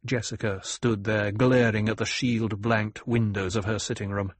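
A man narrating an audiobook in a steady, even storytelling manner. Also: lowish voice, normal speed, hardly any pauses, slightly rough, no room sound. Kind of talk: scripted narration.

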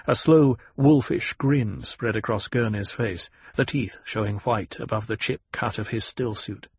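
A man reading audiobook narration in an even, measured way with a husky voice. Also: on the low side, no room sound. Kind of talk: scripted narration.

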